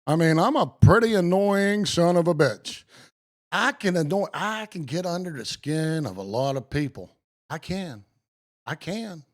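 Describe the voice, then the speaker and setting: A man live-streaming, joking with viewers by name and reading case law aloud slowly and with emphasis. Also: fairly high pitch, animated. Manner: slow, emphatic reading of legal text.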